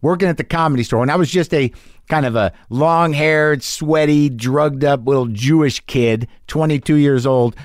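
A man's voice: on the high side, no echo. Dry-voiced rambling podcast host, a man. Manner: rambling, self-deprecating, animated asides. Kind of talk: casual podcast chat and monologue.

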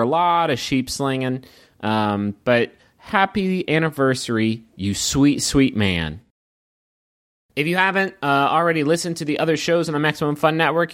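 A man with a slightly higher-than-average voice reads podcast announcements in a relaxed, self-mocking way, then shifts into narrating a tabletop adventure as its game master. He often stops to comment on his own delivery.

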